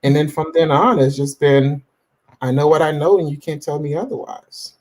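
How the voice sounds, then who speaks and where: A man's voice: fairly high pitch, fairly even intonation, moderate pace, a little mellow. Confident man telling his faith story. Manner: self-assured, many restarts and fillers. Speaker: guest. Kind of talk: casual interview talk about faith.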